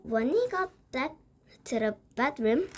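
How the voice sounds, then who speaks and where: High, lively woman reading aloud. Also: slight background noise. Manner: halting reading with frequent restarts.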